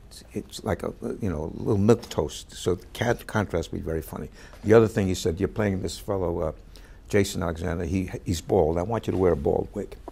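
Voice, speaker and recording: A man, an actor, telling a backstage anecdote in an interview, lively as he acts out the voices of the people in the story. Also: low-pitched, brisk. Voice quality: gravelly, husky. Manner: animated storyteller who acts out quoted voices.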